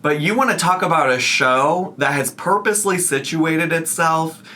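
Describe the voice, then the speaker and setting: A man's voice: on the high side, normal speed, bright, forceful tone, a little hiss or hum. A man hosting a reaction channel, talking casually and sarcastically, laughing as he goes. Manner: chatty, sarcastic, laughs through lines. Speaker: commentary channel host. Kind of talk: reaction commentary.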